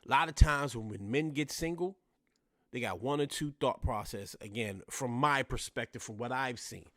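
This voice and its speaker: A man's voice: medium pitch, moderate pace, fairly bright tone, dry recording, studio quality. A man with a Washington DC accent hosting a solo podcast. He talks straight to his listeners and repeats phrases for emphasis. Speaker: podcast host.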